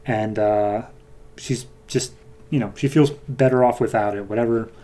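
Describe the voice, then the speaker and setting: A man's voice: lowish voice, fairly even intonation, moderate pace, mellow. A man hosting a podcast, recapping a comic book in a loose, chatty way with fillers. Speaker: podcast host.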